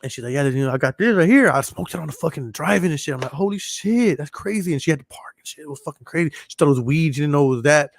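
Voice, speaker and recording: Podcast host, male, rambling and profane, slightly high voice, dry close recording. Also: rapid-fire, hardly any pauses, dry recording. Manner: rambling, profane, repeats himself. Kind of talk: casual storytelling monologue.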